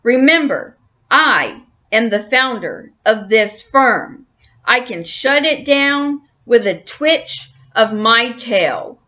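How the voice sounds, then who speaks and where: A woman's voice: on the high side, expressive, slow, pushed and bright, full character voice. A woman voicing a stingy, bossy old male mouse grandfather who blusters and commands in a storybook reading.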